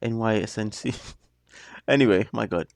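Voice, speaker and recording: A man's voice: on the low side, moderate pace, vocal fry. A man hosting a reaction video, chatting casually with joking, rambling asides. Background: song playing underneath.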